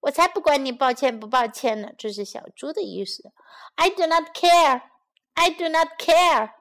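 Lively, slow-speaking woman teaching children. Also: sits high. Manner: slow, careful repetition of each phrase; gentle storyteller addressing children. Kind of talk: bilingual storytelling lesson for children.

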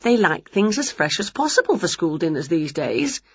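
A woman voicing a scatty, cheerful female witch in a picture-book reading, talking in an excited, drawn-out, playful way. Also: on the low side, breathy edge, no echo, dull audio. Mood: bustling.

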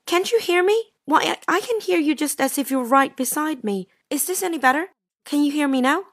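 A woman's voice: sits high, animated, brisk, no echo, clean studio sound. A woman voicing Jean, an anxious, lovesick wife who pleads with her absent husband, in a dialogue drama reading. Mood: eager. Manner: pleading, breathless and emotional.

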